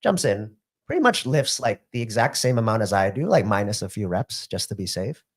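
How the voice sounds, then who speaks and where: Lively lower-voiced man telling stories. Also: brisk. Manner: animated storyteller, laughs often. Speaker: co-host of MMA news show. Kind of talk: casual chat.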